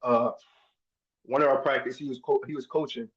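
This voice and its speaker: A man's voice: medium pitch, steady tone, normal speed, pauses often, fairly bright tone. A young man from New Jersey, a college football player, talking in an easygoing, enthusiastic, informal way as an interview guest. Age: young adult. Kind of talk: casual interview. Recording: dull lo-fi sound.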